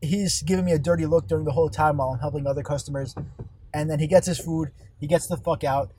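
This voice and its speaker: A young man working in fast food, telling an exasperated, rambling and profane story about a customer while driving on a highway. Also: fairly even intonation, warm tone, poor audio. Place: car on a highway. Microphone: phone. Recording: faint road noise in a car. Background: vehicle noise.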